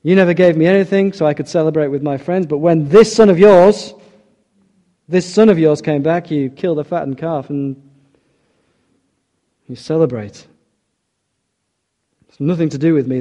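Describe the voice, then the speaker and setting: A preacher voicing a resentful older brother. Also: male voice, on the high side, moderate pace, long pauses, dark tone, close to an everyday voice. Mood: indignant. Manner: indignant, sneering. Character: resentful grown older brother, self-righteous.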